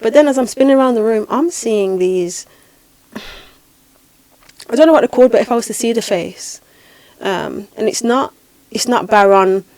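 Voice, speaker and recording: A woman hosting a podcast, telling a spiritual experience in a lively, dramatic way with repeated phrases. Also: on the high side, moderate pace, long pauses, dry recording. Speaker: podcast host and spiritual healer. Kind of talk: casual podcast storytelling.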